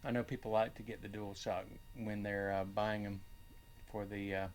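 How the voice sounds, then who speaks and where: An older man hosting his own channel, chatting casually about his finds and rambling with many pauses and fillers. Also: lowish voice, flat delivery, a little hiss or hum. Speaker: channel host and reseller. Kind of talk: casual chat.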